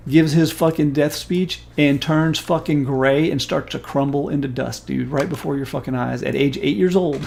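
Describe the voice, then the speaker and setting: A man in his forties, a stream host, telling a story in casual chat in an animated, profane and emphatic way. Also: a little high, moderate pace, creaky, hardly any pauses, slight background noise.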